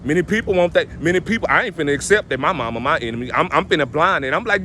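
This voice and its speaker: A man talking outdoors in a casual, motivational way, emphatic and a little preachy, with a voice pitched somewhat high for a man. He keeps circling back to the same phrases. Faint traffic noise sits behind him. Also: sing-song, fairly quick, bright, forceful tone. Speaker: vlogger giving life advice.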